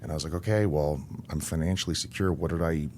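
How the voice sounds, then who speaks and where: A man in his thirties, a wrestler and interview guest, telling stories in a relaxed, anecdotal way with laughs between lines. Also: rumbling low, quick pace, a little hiss or hum. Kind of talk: casual interview storytelling.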